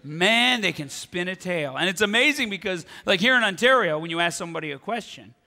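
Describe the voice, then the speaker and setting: High-voiced male stand-up comedian. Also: a little fast, creaky. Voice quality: animated, conversational, keeps asking right. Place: theatre stage.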